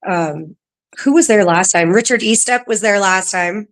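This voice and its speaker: A woman's voice: medium pitch, moderate pace. Chatty woman full of ums. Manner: chatty, laughs often, filler-heavy. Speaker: paranormal museum staff guest. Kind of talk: casual podcast interview.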